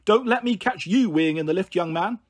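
A man's voice: high voice, lively intonation, fairly quick. A man voicing a nosy, scolding old woman neighbour in a read-aloud story. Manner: prying, scolding.

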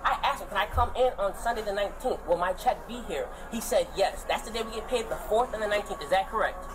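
A man's voice: high voice, fast talker, low-quality recording. A man arguing insistently with staff about his pay, repeating himself. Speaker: fired fast food worker. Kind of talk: heated argument.

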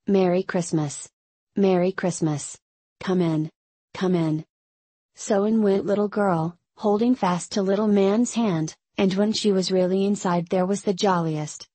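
A woman reading a children's story aloud in a gentle manner, speaking to her listeners as children. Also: mid-range voice, breathy edge, no echo, low-quality recording. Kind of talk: read-aloud Christmas storytelling.

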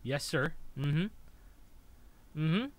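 A young man giving casual gameplay commentary, excitable, laughing often and swearing, breaking into shrieks when something amuses him. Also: on the high side, extremely slow, dry recording. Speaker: gaming YouTuber.

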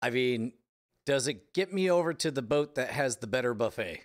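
A man's voice: medium pitch, lively intonation, normal speed. A man hosting a podcast in casual chat, jokey and rambling, laughing often. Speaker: podcast host.

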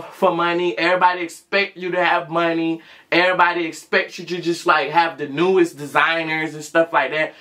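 A man's voice: fairly high pitch, sharp tone. A man co-hosting a casual chat, rambling and circling back with many fillers. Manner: rambling, lots of fillers and restarts. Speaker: co-host.

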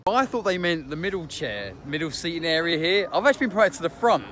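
A man's voice: on the high side, big pitch swings, fast talker, fairly bright tone, slight background noise. A man vlogging a family day out, joking and chuckling at his own lines as he films. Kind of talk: casual vlog chat. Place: outdoors at a park and in a car.

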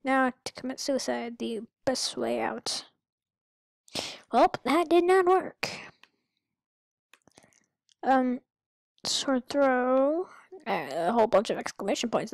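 A higher-pitched woman narrates her own gameplay in a slow, drawn-out way. Her talk rambles and turns goofy, breaking into sudden squeaky outbursts. The sound is dry, with no room around it. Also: gravelly, no echo. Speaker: gamer. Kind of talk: let's-play commentary.

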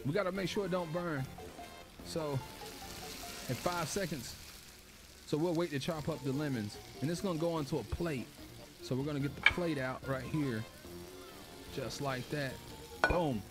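Man, somewhat high voice, flustered and panicky gameplay commentary over loud game music. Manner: flustered, panicky, talks to viewers. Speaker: gaming YouTuber.

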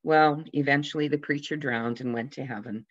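This mid-range voice moves at a moderate pace as a pastor preaches in church, spinning mild funny stories in a gentle storytelling manner. Quoted characters get brief, lively, raised voices. The sound quality is lo-fi and dull.

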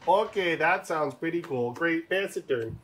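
A man playing a card game in casual chat, excitable, laughing often and swearing. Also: fairly high pitch, normal speed.

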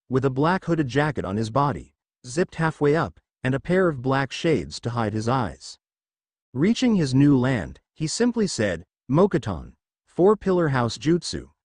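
A man narrating a fan-fiction story in a steady reading voice. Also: mid-range voice, dry recording.

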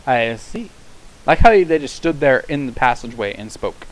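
A man's voice: medium pitch, big pitch swings, moderate pace, rough recording. A man giving casual, joking and crude commentary while playing a video game. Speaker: let's play commentator. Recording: game music under voice. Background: game music.

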